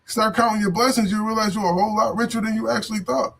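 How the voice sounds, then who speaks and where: A man's voice: sits high, steady tone, quick pace, creaky, fairly bright tone. Preachy man in slang-heavy street talk. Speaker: vlogger. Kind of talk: unscripted motivational talk.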